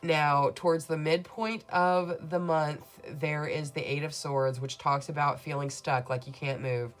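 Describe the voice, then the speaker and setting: A woman's voice: deep voice, fairly even intonation, a little slow. A woman reading tarot cards for her viewers in a soothing, affirming way. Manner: soothing, affirming, speaks to viewers as "beautiful souls". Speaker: tarot reader.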